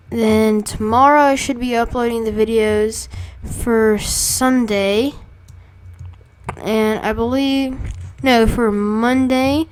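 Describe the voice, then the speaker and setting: A student casually commenting on their own game as they play, rambling and chatty, often stopping to correct themself. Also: medium pitch. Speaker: let's play creator.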